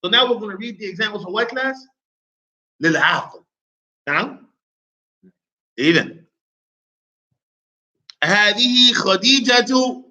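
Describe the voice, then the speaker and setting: A man's voice: high-pitched, animated, a little slow, long pauses, sharp tone, muffled recording. A man, teaching an Arabic class and quizzing his students with playful repeated questions. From United States. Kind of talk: classroom lesson with call-and-response.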